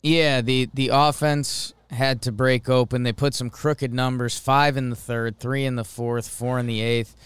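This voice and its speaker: A man's voice: mid-range voice, unhurried, few pauses, clear, resonant tone, no echo. A man co-hosting a casual sports podcast, rattling off a jokey play-by-play game recap. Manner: excitable play-by-play delivery, jokey. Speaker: podcast co-host.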